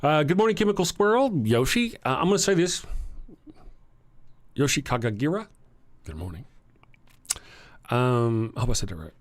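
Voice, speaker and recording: Texan guy on a livestream, chatty and rambly, mid-pitched voice, keeps restarting sentences. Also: very animated. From Texas. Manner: rambling, halting, with restarts and chuckles. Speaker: livestream host. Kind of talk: casual livestream chat, reading viewer comments.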